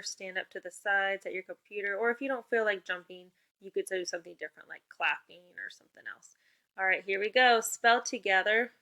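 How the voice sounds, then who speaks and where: A woman teacher leads a remote spelling lesson for young children, with call-and-response prompts. Her voice is bright and her tone is upbeat and encouraging. Her pitch sits in a middle range.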